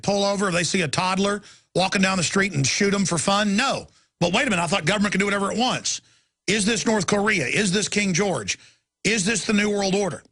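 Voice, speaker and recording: A man's voice: high-pitched, bright, forceful tone. A man hosting a talk show, delivering an angry, impassioned rant in a heated, emphatic way.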